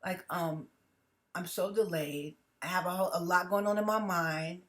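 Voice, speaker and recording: A woman talks straight into her camera, rambling, restarting and filling every pause. She is under heavy stress and sounds it, her voice a little on the low side. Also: steady tone. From United States. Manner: rambling, halting, many fillers and restarts. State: stressed, agitated. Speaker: vlogger. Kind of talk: emotional personal vlog.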